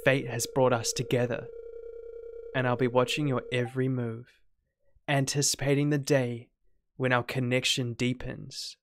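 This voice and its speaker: A man's voice: little pitch movement, a little slow, no room sound, lightly acted. A man putting on a creepy yandere village girl. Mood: ominous. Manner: soft, syrupy, then low and menacing. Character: obsessive sweet-talking young yandere village woman. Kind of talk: reading game dialogue aloud in character.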